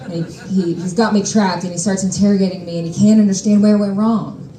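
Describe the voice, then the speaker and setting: A woman's voice: mid-range voice, steady tone, fast talker, reverberant, crowd noise, poor audio. A young adult woman telling a personal story on stage, wry, exasperated and freely profane. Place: stage at a live storytelling show.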